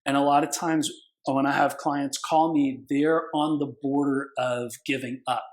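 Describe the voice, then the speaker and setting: A man's voice: medium pitch, level tone, measured pace, poor audio. A man, a consumer protection attorney, telling stories casually in an interview, acting out quoted voices and swearing now and then. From California.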